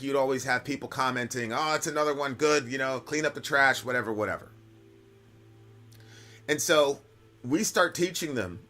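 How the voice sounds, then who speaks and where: A man hosts a casual live stream and answers viewer questions. His voice is bright and forceful, and his pitch sits in an ordinary middle range. He talks in a loose storytelling way, checking in with "right?" and "like", while faint music plays underneath. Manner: conversational storytelling, frequent "right?" and "like".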